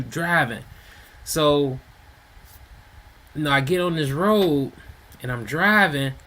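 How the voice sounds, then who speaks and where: A man's voice: mid-range voice, sharp tone. A man telling a street story in a loose, rambling way, full of slang and fillers. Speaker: storyteller host. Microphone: home mic.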